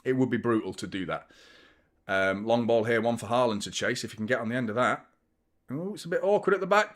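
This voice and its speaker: A young adult man, hosting a live football watchalong, chatting casually, reacting to play and thanking viewers by name. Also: mid-range voice. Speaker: fan channel host.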